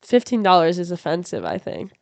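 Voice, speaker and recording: Blunt, animated woman on a casual podcast. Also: on the low side, a little fast, vocal fry, no room sound. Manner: animated, blunt, swearing freely. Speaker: podcast guest. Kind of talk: casual chat. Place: house.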